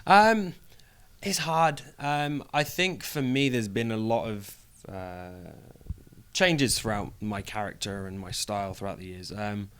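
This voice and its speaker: A young British man chats as an interview guest, joking and laughing easily as he talks. His voice sits on the low side. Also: a little slow, fairly bright tone, clear, resonant tone. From United Kingdom. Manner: playful, jokey, laughs easily. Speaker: professional wrestler, guest. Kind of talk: casual interview chat.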